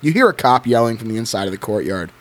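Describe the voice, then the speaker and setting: A man hosting a podcast, reading a choose-your-own-adventure book aloud in an expressive way and breaking off to chat. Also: medium pitch, fast. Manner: expressive reading with frequent laughs. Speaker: podcast host.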